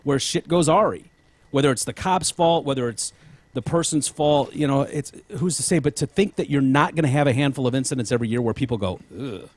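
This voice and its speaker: A man's voice: medium pitch, brisk, no echo. A man hosting a podcast in casual chat, rambling with frequent restarts and casual swearing. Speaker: podcast host.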